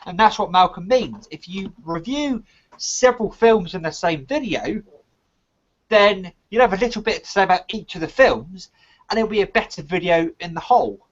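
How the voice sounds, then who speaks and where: A man with a high voice chats casually on a live stream, turning his advice into a told fable with dramatic stresses. The sound is dull and lo-fi, like a web call. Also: moderate pace. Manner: patient, explanatory storyteller with lively dramatic emphasis. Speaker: co-host of a live online chat.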